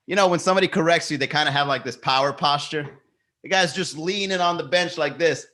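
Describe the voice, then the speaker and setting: A man hosting a comedy podcast, telling a story in a casual, animated rant, swearing freely and joking with the live chat. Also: on the high side, fast talker. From Miami. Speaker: podcast host.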